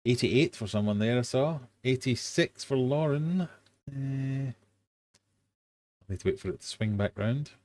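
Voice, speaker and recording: A man's voice: medium pitch, expressive, a little slow, darkish tone, no room sound. A man hosting a casual live-streamed quiz for fishkeepers, chatty and jokey with self-deprecating asides. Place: home fish room.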